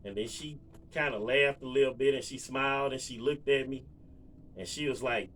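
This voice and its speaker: Laid-back dude w/ rambling a story to the cam, um's and you-knows everywhere, bright voice. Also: male voice, medium pitch, normal speed. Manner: relaxed, rambling, lots of fillers and asides to viewers. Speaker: vlogger. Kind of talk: casual storytelling to camera.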